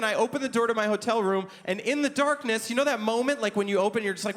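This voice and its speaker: A young man performing a stand-up comedy set on a club stage, telling stories in an animated way and jumping into high, excited voices for himself. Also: quick pace, hardly any pauses.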